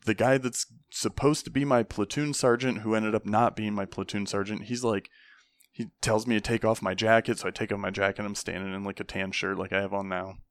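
This young veteran's voice is fairly low and a little fast. In casual storytelling he gets animated, impersonating the people he quotes and cursing often.

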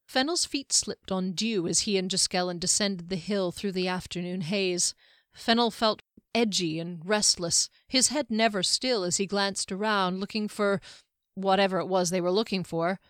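A woman reading a fantasy novel aloud in a steady, even storytelling manner. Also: mid-range voice, moderate pace, smooth, dry recording, clean studio sound. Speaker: audiobook narrator. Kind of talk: scripted fantasy narration.

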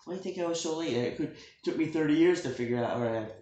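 A man in a casual joking chat, telling a rambling, deadpan tale full of swearing. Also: a little high, fast, lo-fi sound, a little hiss or hum. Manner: rambling, deadpan storytelling with profanity. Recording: echoey room.

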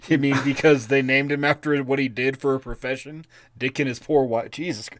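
A man's voice: mid-range voice, steady tone, normal speed, fairly bright tone, no echo. A man co-hosting a casual podcast, cracking jokes and teasing his partner. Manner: joking, teasing banter. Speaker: podcast co-host.

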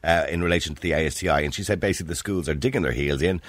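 A man's voice: extremely low pitch, very fast, dry recording. An Irish man hosting a radio talk show, pressing his guest with pointed questions and cutting in often. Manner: pushy, interrupts often. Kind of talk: phone-in radio interview.

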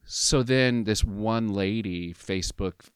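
Man in his fifties, low voice, dry close sound, animated personal storyteller, podcast guest. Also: takes it slowly, smooth, dry recording. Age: 50s. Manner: animated, emotional storyteller who acts out quoted dialogue.

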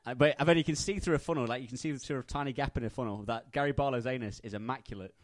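A man's voice: medium pitch, racing, a crowd in the background. A man co-hosting a comedy podcast, swearing freely and breaking into laughter while he riffs. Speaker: podcast co-host. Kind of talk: improvised comedy chat.

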